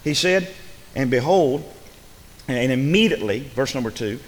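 Fervent preacher in an echoing church. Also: male voice, medium pitch, expressive, normal speed. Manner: preaching with rising fervor, rhetorical questions to the congregation. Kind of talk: sermon. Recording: long hall reverb.

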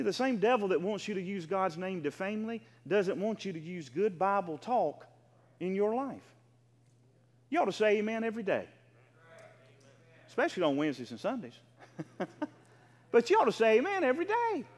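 High-voiced preacher in an echoing hall. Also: male voice, sing-song, normal speed, long pauses. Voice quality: emphatic, rising to fervent shouts. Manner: call-and-response, exhorting the congregation. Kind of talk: sermon.

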